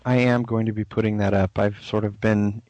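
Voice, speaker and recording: A man's voice: fairly low pitch, flat delivery, a little fast, darkish tone, dry recording. A man co-hosting a podcast in casual, rambling chat, with many fillers. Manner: chatty, rambling, filler-heavy. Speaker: podcast co-host.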